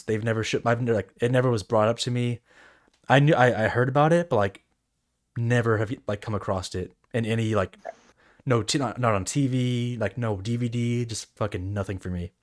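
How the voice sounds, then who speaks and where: A man's voice: mid-range voice, brisk. A young man co-hosting a podcast, chatting casually with lots of fillers and swearing. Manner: relaxed, profane, rambling with many fillers. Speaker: podcast co-host. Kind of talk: casual chat.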